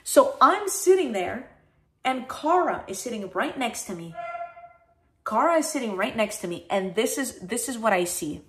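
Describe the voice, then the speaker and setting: A woman streamer telling a story in a casual, animated way, swearing often and acting out how she reacted back then. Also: fairly high pitch, normal speed. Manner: animated, swears often, acts out her own past reactions.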